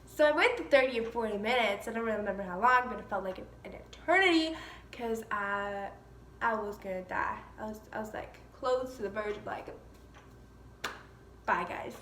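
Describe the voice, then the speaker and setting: A young woman in her teens telling a casual, chatty storytime about an accident, animated and full of laughing asides. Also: mid-range voice, normal speed, recorded from a distance, slight background noise. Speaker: vlogger. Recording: echoey room with faint ambience.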